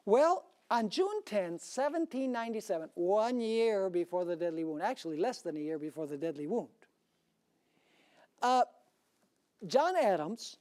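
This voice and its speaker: A male pastor delivering a sermon with a notably high voice. He preaches emphatically and keeps checking in with his listeners through rhetorical questions. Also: darkish tone.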